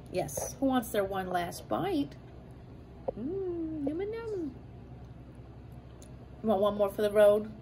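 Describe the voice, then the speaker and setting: A woman in her thirties talks unhurriedly through a home cooking session, playful and chatty, with cutesy made-up words. Steady noise hums behind her in the kitchen, and she paces her words slowly. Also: mid-range voice, poor audio. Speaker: cooking vlogger. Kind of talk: casual cooking chat and eating.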